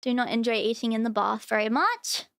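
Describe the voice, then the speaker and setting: A woman's voice: on the high side, brisk, vocal fry, fairly bright tone, dry recording, studio quality. A young woman streaming, chatting casually and gushing over cute animal videos. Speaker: VTuber streamer.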